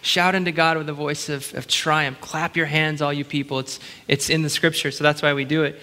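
A man's voice: a little high, level tone, brisk, sharp tone, a little hiss or hum. A middle-aged man preaching as pastor in a large church, chatty and playful, breaking into short laughs. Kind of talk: sermon. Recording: long church hall reverb.

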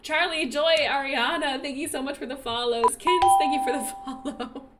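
A woman's voice: sits high, normal speed. A young woman live-streaming a life-sim game, chatting casually and gushing over the game while thanking her chat. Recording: loud game music behind. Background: game music.

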